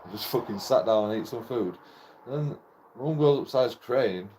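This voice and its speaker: A young man, speaking at a middle pitch, tells a personal story off the cuff. His delivery rambles and restarts, is thick with swearing and broken up by short nervous laughs. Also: animated, normal speed, warm tone, slight background noise. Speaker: channel host telling a personal story.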